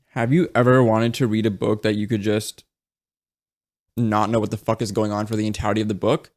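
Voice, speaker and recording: A man's voice: lowish voice, level tone, fairly quick, darkish tone. Chatty, swearing male book vlogger. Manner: enthusiastic, casual, swears often; frequent fillers and tag questions. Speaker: book reviewer. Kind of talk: casual chat.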